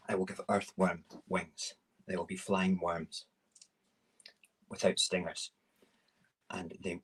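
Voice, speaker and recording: A middle-aged man with a very deep voice rambles through a casual morning stream while cooking in his kitchen. His talk is animated and self-mocking, jumping between topics, often sinking to a low murmur. Faint background noise runs under his voice. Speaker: morning show host.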